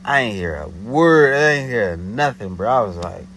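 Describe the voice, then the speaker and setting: A man's voice: on the low side, animated, normal speed, a bit bright, a little hiss or hum, low-quality recording. A man telling a story in a casual, slangy way, often checking "you know what I'm saying".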